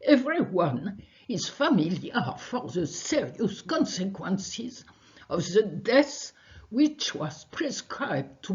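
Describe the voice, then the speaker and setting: Slow, lively older French woman. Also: mid-range voice. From France. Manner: slow, deliberate delivery of a prepared text. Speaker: researcher presenting at a conference. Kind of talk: prepared webinar talk. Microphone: video call. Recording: dull lo-fi video call audio.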